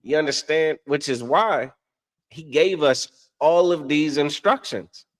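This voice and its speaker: This podcast co-host and religious teacher speaks slowly in a fairly high voice. He preaches through a casual religious discussion, frequently asking "you understand?" and chuckling at his own anecdotes.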